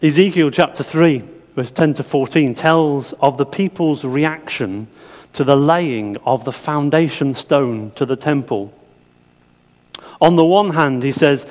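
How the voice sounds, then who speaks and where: A man's voice: fairly high pitch, measured pace, darkish tone. A middle-aged man preaching a sermon, chatty, often asking his listeners questions. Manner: conversational, asks the congregation questions. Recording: long hall reverb.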